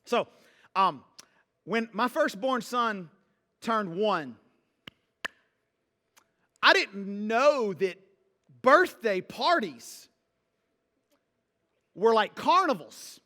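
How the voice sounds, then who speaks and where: A man preaching a sermon, telling stories in a conversational, animated way and drawing the congregation in. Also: high voice, very slow, long pauses. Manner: conversational, animated storytelling with a call-and-response feel. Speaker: pastor. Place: church sanctuary. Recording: reverberant church hall.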